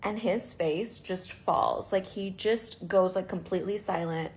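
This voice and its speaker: A woman's voice: medium pitch, measured pace, a little mellow. A young woman from India telling a casual storytime rant, exasperated and full of "like" fillers. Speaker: vlogger.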